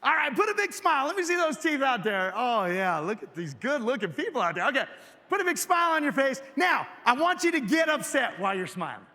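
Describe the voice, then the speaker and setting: A man's voice: extremely high pitch, sing-song, brisk, bright, forceful tone. A man giving a live keynote speech in a large hall, energetically asking the audience questions and getting them to join in. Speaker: keynote speaker. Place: large hotel event hall. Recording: reverberant hall.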